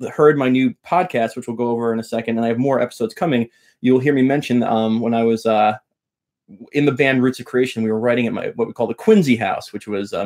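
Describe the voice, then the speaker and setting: A man's voice: mid-range voice, darkish tone. A middle-aged man from Long Island, a guitar teacher chatting casually with viewers on a live stream, joking and greeting people by name. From Long Island, New York.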